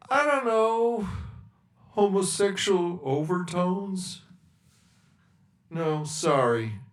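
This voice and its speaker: A man hosting a sarcastic, mocking rant monologue. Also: mid-range voice. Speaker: host. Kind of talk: ranting monologue. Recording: echoey room, distant mic.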